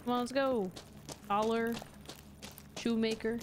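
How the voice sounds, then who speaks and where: A woman's voice: a little high, fairly even intonation, measured pace, a little hiss or hum. Chatty, sarcastic woman streamer. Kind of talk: casual let's-play commentary. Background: game music.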